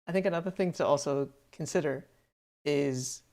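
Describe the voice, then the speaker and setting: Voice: mid-range voice, normal speed, a little mellow. A podcast co-host talking casually, rambling through thoughts with lots of "like" and "um". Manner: rambling, many fillers and restarts.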